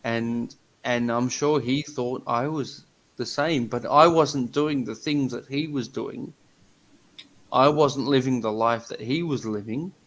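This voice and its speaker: A man on a video call telling a personal story in a blunt, sweary, earnest way with halting restarts. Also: mid-range voice, fairly bright tone, poor audio. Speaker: guest on a live stream. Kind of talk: casual chat, personal story.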